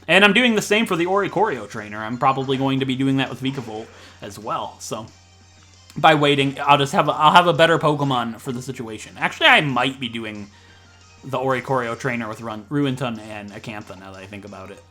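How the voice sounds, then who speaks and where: A man from Ohio with a Midwestern American accent, rambling and joking fast through casual gameplay commentary. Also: mid-range voice, lively intonation, bright, forceful tone, soft background music. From Ohio, USA. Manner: fast-talking, rambling, jokey. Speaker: let's play commentator.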